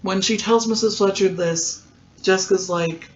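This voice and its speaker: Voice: mid-range voice, steady tone, normal speed. A podcast host giving a casual, rambling recap of a TV episode, full of ums and likes. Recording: dull lo-fi sound.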